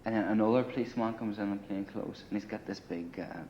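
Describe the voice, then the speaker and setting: A dark-toned man with a fairly low pitch speaks fast, with a touch of hiss or hum in the background. In a grungy apartment, this interviewee casually rambles through a long war story, swearing and saying "you know" and "right" a lot. The recording is dull lo-fi 1980 film audio.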